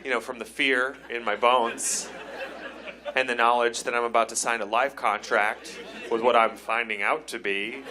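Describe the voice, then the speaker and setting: A man from Cleveland, Ohio, doing a live stand-up set on a comedy club stage, telling wry, self-deprecating stories that build into excited rants. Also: mid-range voice, normal speed, crowd noise. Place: comedy club stage before a laughing audience.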